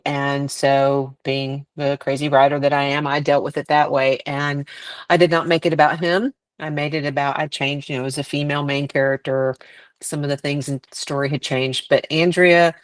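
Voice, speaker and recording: A woman's voice: low-pitched, no echo. A woman author being interviewed on a podcast, chatty and heartfelt, laughing often as she tells her stories. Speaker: author guest.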